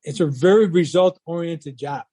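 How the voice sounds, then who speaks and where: A man's voice: a little high, normal speed, slightly rough, dry recording. An older man, a retired baseball coach, telling stories in an interview and acting out the people he quotes. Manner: animated storyteller who acts out quoted voices. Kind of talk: storytelling interview talk.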